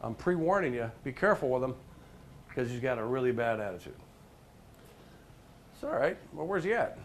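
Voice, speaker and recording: A man's voice: mid-range voice, normal speed, slight background noise. A middle-aged man, a professional speaker, telling a story to a live group and quizzing listeners by name. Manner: animated, addresses listeners by name with questions.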